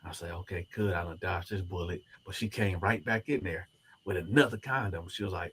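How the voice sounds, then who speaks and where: Husky low-voiced man telling a story. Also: a little fast. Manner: animated, acts out the other people's quoted lines. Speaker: former prisoner telling his story. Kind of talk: storytelling to camera.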